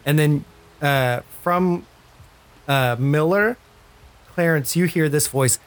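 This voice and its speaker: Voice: mid-range voice, slow pace, pauses often. Rambling tabletop game master. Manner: rambling, many fillers.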